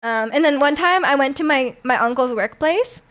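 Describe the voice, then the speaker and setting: A woman's voice: high voice, expressive, moderate pace, fairly bright tone. A young woman from Canada chatting casually with viewers on a live stream, rambling with lots of fillers and laughs.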